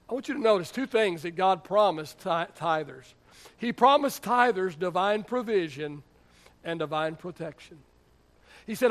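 A man's voice: high voice, moderate pace, fairly bright tone. A middle-aged man preaching a sermon as pastor, emphatic, with rhetorical questions and playful asides.

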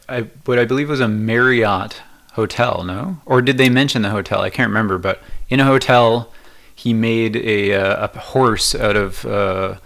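A wry podcast co-host who talks with hesitations and slips in deadpan jokes. His voice sits on the lower side. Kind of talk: casual comedic chat.

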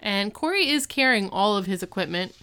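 Woman, smooth clear voice, chatty podcast recap, lively quoting. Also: medium pitch, a little fast. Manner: chatty, quotes characters with lively emphasis. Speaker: podcast co-host. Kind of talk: casual episode recap.

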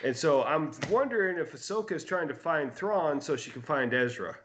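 A man's voice: a little high, animated, normal speed, background noise. A man in a casual podcast chat, talking hesitantly and repeating words as he lays out a theory. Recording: dull lo-fi sound.

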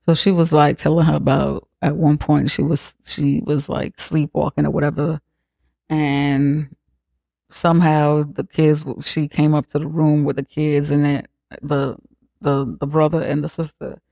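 Gravelly, husky podcast host recapping a movie. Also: mid-range voice, a little slow, dry recording, studio quality. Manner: profane, animated retelling with acted-out quotes.

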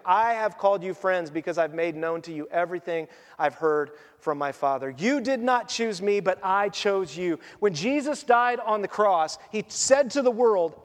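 A man's voice: high-pitched, long reverb tail. A man preaching a sermon as pastor, earnest and conversational, often acting out quoted voices.

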